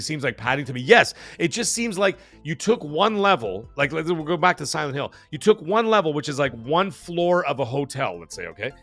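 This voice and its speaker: A man hosts a casual live stream, reading out chat messages in a quick, rambling patter full of fillers and false starts. His voice sits a little on the high side for a man. Soft music plays faintly underneath. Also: vocal fry. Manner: fast-talking, rambling, lots of fillers and restarts. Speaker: livestream host reading chat.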